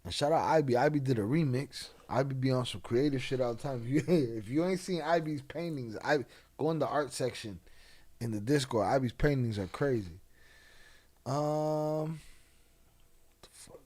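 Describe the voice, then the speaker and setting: A man hosting a casual late-night livestream, laid-back and slang-heavy, reading chat and giving shout-outs. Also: medium pitch, a little fast. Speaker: livestream host.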